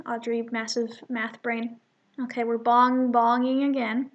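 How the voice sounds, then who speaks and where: Reading a fan comic aloud with voices, a young woman keeps it casual and chatty, frequently tripping over words and fixing herself. She has a slightly high voice, a level tone and a measured pace, and the recording sounds muffled.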